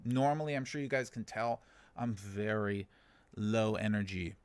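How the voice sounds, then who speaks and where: An American man in his thirties hosts a laid-back livestream, answering viewer comments in a rather low voice. His humor is dry and sarcastic, broken up by short chuckles. The sound is close and dry, with no room echo. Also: fairly even intonation, measured pace, clean tone. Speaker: livestream host. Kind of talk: casual livestream chat reading viewer comments. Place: living in China.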